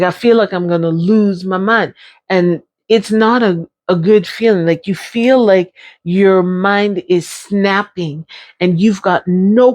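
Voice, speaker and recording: A woman's voice: fairly low pitch, a little mellow. A woman, talking candidly and emphatically in a personal vlog, repeating phrases as she goes. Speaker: brain injury survivor sharing her experience.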